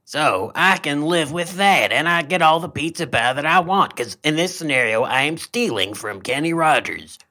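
A man co-hosting a comedy podcast in a deadpan, laid-back way. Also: a little high, moderate pace, few pauses. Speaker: podcast co-host. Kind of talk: casual comedic chat.

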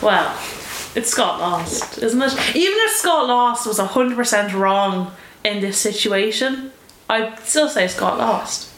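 A woman co-hosting a casual wrestling podcast, animated and playful, often laughing. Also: medium pitch, slow. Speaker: podcast co-host. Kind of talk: casual chat. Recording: echoey room, faint noise.

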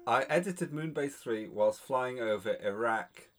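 Wry man with a lively voice. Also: medium pitch, measured pace, crowd noise. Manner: wry, understated teasing. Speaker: podcast co-host. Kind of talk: casual chat.

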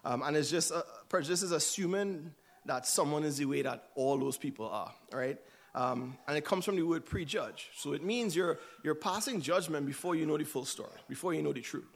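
Man, church speaker, casual sermon, raised voice with some fry, keeps asking "right?". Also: a little high, expressive, fairly quick. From United States. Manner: conversational, asks "right?" often.

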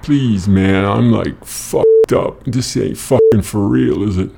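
A man's voice: sits low, big pitch swings, creaky, warm tone, a little hiss or hum, full character voice. A man voicing a dopey young stoner who drawls and whines. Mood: pleading. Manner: slow drawl, whiny.

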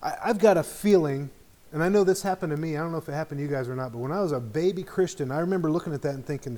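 A man's voice: a little high, racing, dark tone. Conversational man leading a Bible study. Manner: conversational, asks the group questions often. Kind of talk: informal Bible study teaching.

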